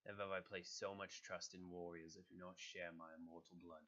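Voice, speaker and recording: A man voicing a stern, proud warrior god with a low grumble and a very serious delivery, sounding a little nasal from a cold. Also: little pitch movement, fairly quick, pushed and bright, muffled recording. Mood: solemn. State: sick, slightly nasal. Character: stern godlike male warrior prince, grave and proud.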